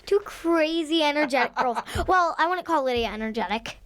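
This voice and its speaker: A woman's voice: sits high, animated, a little fast, fairly bright tone, a little hiss or hum, rough recording. A woman co-hosting a podcast, asking questions, teasing and giggling in casual chat.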